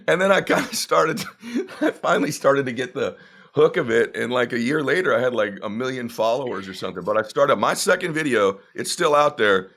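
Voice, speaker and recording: A middle-aged man telling a story as a guest, acting out the dialogue with big jumps in pitch. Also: expressive, a little fast, gravelly, fairly bright tone. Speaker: guest speaker. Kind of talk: animated storytelling.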